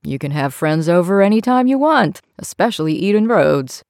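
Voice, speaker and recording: A woman's voice: fairly low pitch, animated, normal speed, a little mellow, no room sound, studio quality. A woman voicing a controlling, politician-like father who talks with polished, syrupy politeness, in an audiobook.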